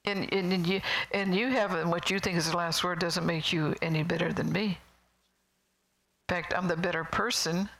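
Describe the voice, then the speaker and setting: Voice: medium pitch, fairly even intonation, moderate pace, fairly bright tone, poor audio. A middle-aged preacher giving a sermon in a rambling, conversational way, with chuckling asides and whispered emphasis.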